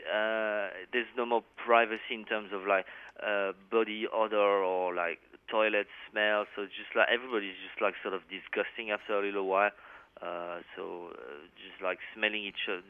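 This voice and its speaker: A man in his thirties speaks with a clear French accent in a loose, rambling way, full of fillers and restarts. His voice sits a bit low. It comes through a narrow, tinny phone line with no room sound. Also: flat delivery, moderate pace. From France. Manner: rambling, many fillers and restarts, laughs easily. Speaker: touring metal musician, interview guest. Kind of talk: casual interview chat.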